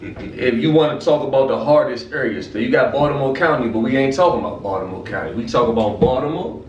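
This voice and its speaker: A man from the Midwest telling stories in casual, profane talk, jumping up in pitch when he quotes others. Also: fast. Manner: animated storyteller, profane, jumps up in pitch for quotes. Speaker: vlog host. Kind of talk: casual conversation. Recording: roomy, distant mic with faint noise.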